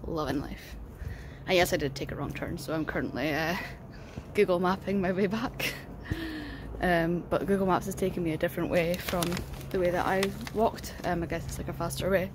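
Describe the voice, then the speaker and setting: A woman's voice: fairly low pitch, moderate pace, background noise. A young woman from the UK, chatting casually in a vlog. She rambles and is self-mocking, with many filler words. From United Kingdom. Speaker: travel vlogger.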